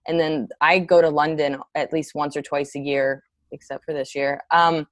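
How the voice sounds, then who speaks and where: A woman with a low voice talks in a loose, rambling way, often correcting herself mid-sentence. She sounds animated as she tells stories on a video call. The sound is dry and close, with no room echo. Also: moderate pace. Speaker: stand-up comedian guest. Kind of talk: casual interview chat.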